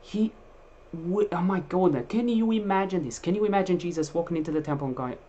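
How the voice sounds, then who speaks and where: A man preaching with real fire, his voice swelling loud on key points and then sinking low. He stumbles and restarts as he works through scripture, and the sermon feels spontaneous rather than read. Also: fairly quick, muffled recording, a little hiss or hum. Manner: emphatic, animated preaching with restarts.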